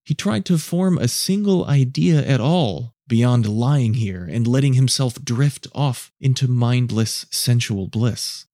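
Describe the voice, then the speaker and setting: A man narrating and producing an audio story in a measured, low-key, hushed reading. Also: animated, no echo, clean studio sound.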